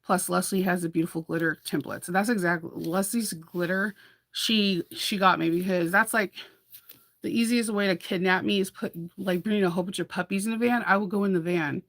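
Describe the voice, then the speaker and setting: A woman's voice: fairly low pitch, fairly even intonation, brisk, fairly bright tone. Middle-aged woman, sewing show host; casual, rambling, laughs easily, restarts sentences. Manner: chatty, rambling, laughs often, self-interrupting. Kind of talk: casual live chat.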